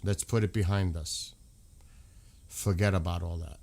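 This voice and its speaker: An American man with a fairly low voice talks on a casual livestream. He gets heated, circles back over the same points and swears freely. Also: steady tone, measured pace, a little mellow. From United States. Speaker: livestream host.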